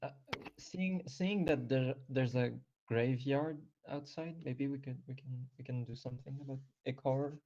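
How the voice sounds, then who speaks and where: A man playing in an online tabletop game, talking in a hesitant, halting way that trails off. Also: mid-range voice, fairly even intonation, dark tone. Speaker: player. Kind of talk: casual chat during an online game. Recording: dull lo-fi voice chat.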